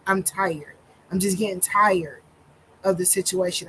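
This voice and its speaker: A woman minister telling her own story in a slow, deliberate monologue with many pauses and fillers, holding back tears. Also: on the low side, steady tone, fairly bright tone, slight background noise, rough recording.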